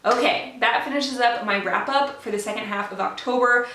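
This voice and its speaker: A woman's voice: on the high side, moderate pace, pushed and bright, a little hiss or hum. A young woman chatting casually and enthusiastically about books she read, with many ums and gushing praise. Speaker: book vlogger. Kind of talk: casual book wrap-up chat. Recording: echoey room, mic at a distance.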